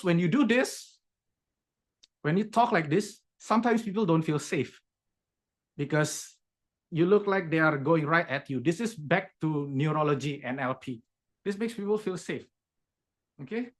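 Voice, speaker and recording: Man with a high voice, a direct speech coach giving feedback over a video call and acting out his examples. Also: a bit bright. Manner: direct, demonstrative, acts out examples. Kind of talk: meeting feedback to speakers.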